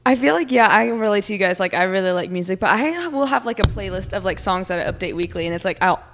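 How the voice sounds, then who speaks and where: A young woman, a podcast guest, chatting casually and softly. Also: mid-range voice, lively intonation, fast, noisy background. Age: young adult. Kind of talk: casual chat.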